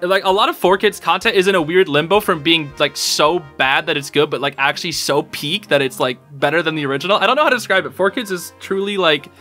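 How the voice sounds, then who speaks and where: A man hosting a casual podcast, talking in an excitable, rambling way and laughing often. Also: a little high, quick pace, hardly any pauses, soft background music. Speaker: podcast host.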